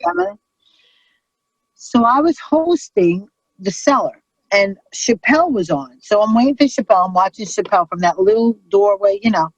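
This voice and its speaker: Brash, profane New comic woman, middle-aged, husky and dry-voiced. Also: mid-range voice, normal speed, no room sound, lo-fi sound. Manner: brash, profane, animated storyteller. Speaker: comedian guest. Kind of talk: casual storytelling chat.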